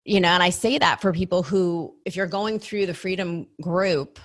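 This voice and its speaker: A woman's voice: on the low side, moderate pace. A woman hosting a church podcast, talking in an earnest, encouraging and reflective way. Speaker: podcast host. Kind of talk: faith podcast conversation.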